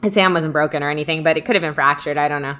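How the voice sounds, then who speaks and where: Bright-voiced woman rambling reflectively. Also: low-pitched, rapid-fire. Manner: rambling and reflective, many fillers. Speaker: co-host reading live comments. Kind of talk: casual live-stream chat.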